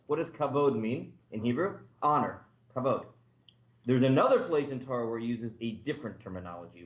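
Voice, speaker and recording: A man, a rabbi, teaching a class in a relaxed, conversational way with frequent asides. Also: medium pitch. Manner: conversational, thinks aloud, many asides. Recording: echoey room.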